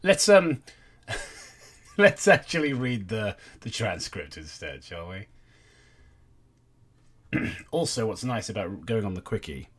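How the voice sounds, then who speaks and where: Man, young adult, very deep voice, husky, swoops up and down, wry and sweary stream host. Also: sing-song, takes it slowly, long pauses, a bit bright. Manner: wry, sweary, reads aloud and thanks donors. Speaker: livestream host. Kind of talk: casual livestream commentary.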